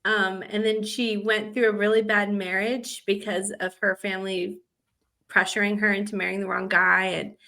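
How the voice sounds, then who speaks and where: A woman's voice: mid-range voice, little pitch movement, moderate pace, creaky, sharp tone. A woman who grew up in the American South chats about writing romance on a podcast. She rambles easily and leans on fillers as she thinks aloud. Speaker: podcast co-host and romance author. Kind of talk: casual chat.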